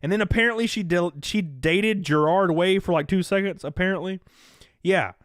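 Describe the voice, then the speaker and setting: A man's voice: sits high, moderate pace, fairly bright tone, no room sound, clean studio sound. A man hosting a casual livestream chat, talking loosely, laughing at his own jokes and reading out donations. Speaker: livestream host.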